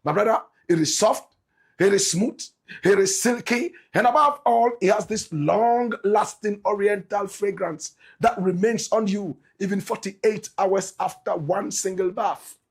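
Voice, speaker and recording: A Ghanaian man hosts his show in Ghanaian English with a flamboyant, preacher-like cadence, stacking phrase after phrase. His voice sits high for a man. It carries a husky, grainy edge. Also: unhurried. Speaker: show host. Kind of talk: energetic show intro and sponsor pitch.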